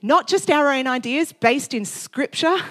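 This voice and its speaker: Brief: a fervent woman preacher with a fairly high voice, quick and worked up, building to loud exclamations. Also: animated. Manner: fervent, fast-paced, rising to exclamations. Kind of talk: sermon.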